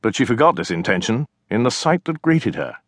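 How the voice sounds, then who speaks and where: A man narrating a mystery novel in measured, scripted storytelling. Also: mid-range voice, sing-song, a bit bright, no echo, studio quality. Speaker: audiobook narrator.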